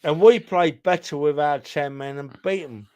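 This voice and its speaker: A man's voice: on the high side, normal speed, darkish tone, clean tone. A man co-hosting a casual football chat, rambling and emphatic, a little tipsy from drinking. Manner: rambling, emphatic, keeps calling the other host son. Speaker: podcast co-host.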